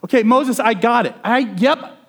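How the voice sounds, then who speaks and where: A man's voice: extremely high pitch, moderate pace, voice pushed up. A man voicing God as a patient, confident, casually reassuring figure in a sermon retelling.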